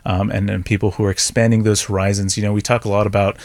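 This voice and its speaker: Chatty Texan radio co-host, dry studio. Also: male voice, fairly low pitch, flat delivery, quick pace, vocal fry, dry recording. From South Texas. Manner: friendly, chatty, easy laughs. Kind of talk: public radio fund drive chat. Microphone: studio microphone.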